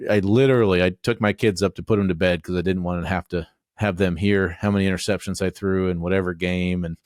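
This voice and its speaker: A man's voice: low-pitched, no echo, clean studio sound. A man in his forties co-hosting a casual sports chat, joking at his own expense. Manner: self-deprecating, joking. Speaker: podcast co-host.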